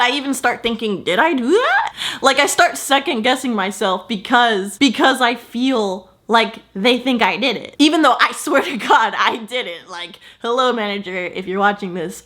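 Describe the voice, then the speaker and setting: A young woman telling a story in a casual, self-deprecating vlog, slightly out of breath. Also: on the high side. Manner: chatty, self-deprecating, swings into loud exclamations. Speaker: content creator.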